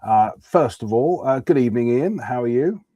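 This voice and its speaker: A man's voice: mid-range voice, animated, moderate pace, dark tone, muffled recording. A man hosting a casual livestream chat, chatty and jokey, with a cold. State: has a cold. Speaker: host.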